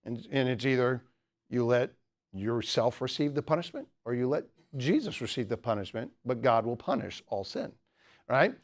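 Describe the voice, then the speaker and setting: A man's voice: mid-range voice, animated, normal speed. A man giving a humorous teaching talk at a student apologetics club, rambling with many jokes and asides.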